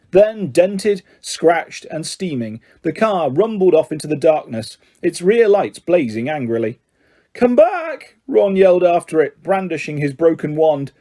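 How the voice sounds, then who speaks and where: A man with a fairly high yet mellow, warm voice narrates a storybook. His reading is expressive and dramatic. He leans into the tension of each scene. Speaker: audiobook reader.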